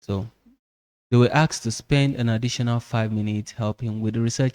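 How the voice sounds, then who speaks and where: A man's voice: medium pitch, steady tone, a little fast, a little mellow. A man teaching a psychology lesson, explaining step by step, repeating words and checking in with his listeners. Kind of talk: lecture explanation.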